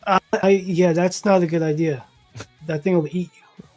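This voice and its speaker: A man co-hosting a casual comics livestream, agreeing quickly and talking enthusiastically about covers. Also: high voice, fairly even intonation, darkish tone, faint music behind. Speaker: co-host.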